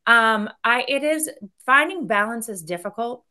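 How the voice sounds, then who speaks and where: A woman executive being interviewed, talking candidly and energetically in quick bursts that often trail off. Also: on the high side, expressive, sharp tone. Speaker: guest, company executive. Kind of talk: casual interview talk.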